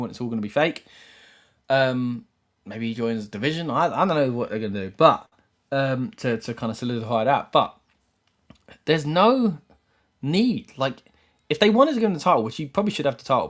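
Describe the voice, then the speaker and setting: Rambling man hosting a wrestling stream. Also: mid-range voice. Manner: rambling, self-correcting, animated with rising questions. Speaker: wrestling show host. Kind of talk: live-stream commentary and predictions.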